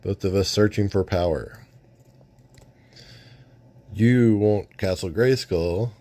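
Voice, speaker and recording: A man playing a scheming comic-book demon who draws out every slow word. His voice is dark and low, and it stays measured and sinister. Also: dry recording.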